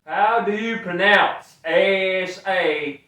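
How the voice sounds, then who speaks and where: A man's voice: sits high, slow, pushed and bright. Playful Southern man, roomy distant sound. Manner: playful, jokey, mimics animal calls. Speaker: DIY vlogger. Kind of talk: casual vlog chat. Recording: echoey and distant from the mic.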